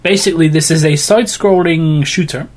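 A man's voice: on the high side, a little fast. A man hosting a casual gaming podcast, chatty and rambling with fillers. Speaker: podcast host. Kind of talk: casual chat.

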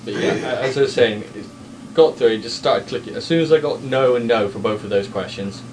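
A man's voice: mid-range voice, a little fast, a little mellow. A man co-hosting a casual podcast, hesitant and often restarting his sentences. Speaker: podcast co-host. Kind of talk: casual banter. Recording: distant mic with clear background noise.

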